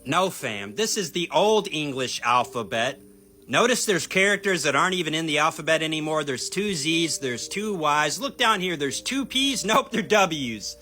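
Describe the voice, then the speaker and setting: A man's voice: fairly high pitch, expressive, moderate pace, bright, forceful tone, slight background noise. A man explaining a point to his viewers in an emphatic, argumentative way, talking straight to them. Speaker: video teacher on Bible topics. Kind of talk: explanatory commentary video.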